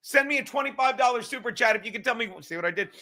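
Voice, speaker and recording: A man's voice: extremely high pitch, animated, rapid-fire, pushed and bright. A man hosting a livestream, ranting and mocking in a profane, combative way. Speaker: livestream host.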